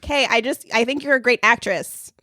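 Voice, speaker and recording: A woman's voice: a little high, a little fast, dry recording, studio quality. A woman comedian guesting on a podcast, chatting casually and joking. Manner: lively, joking, laughs often. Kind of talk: casual chat.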